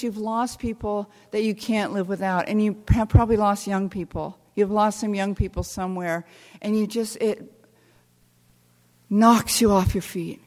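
An older American woman telling stories with wry humor, talking haltingly with many restarts. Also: a little high, a little mellow, long reverb tail. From United States. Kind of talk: reflective storytelling talk.

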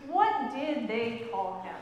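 A woman pastor giving a sermon, explaining scripture in a gentle storytelling way and asking the congregation questions. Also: fairly high pitch, big pitch swings, takes it slowly. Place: church sanctuary. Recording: echoey church hall from a distance.

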